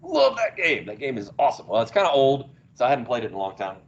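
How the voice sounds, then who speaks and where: Lively math teacher quizzing his class. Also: mid-range voice, fast talker, highs cut off. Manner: asks the class questions and praises answers. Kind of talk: classroom lecture. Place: classroom, heard through a small speaker.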